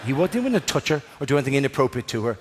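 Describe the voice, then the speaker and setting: A man with an Irish accent doing a stand-up comedy routine, telling a story with animated delivery and acting out other people's voices. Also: mid-range voice, racing. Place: theatre stage before a live audience. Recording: live theatre recording, long hall reverb, faint crowd noise.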